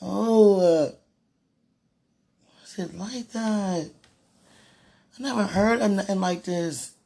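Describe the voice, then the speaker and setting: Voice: medium pitch, slow pace, gravelly, mellow. A speaker in a fervent devotional monologue, sighing and laughing often and repeating words.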